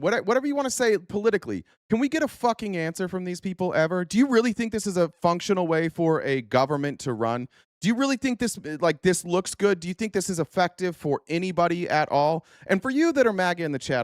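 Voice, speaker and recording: Man, livestream host, angry profane rant, high voice, dry sound. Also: animated, a little fast, no room sound. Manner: angry, profane, ranting at chat. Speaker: political commentary host. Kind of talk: livestream reaction commentary.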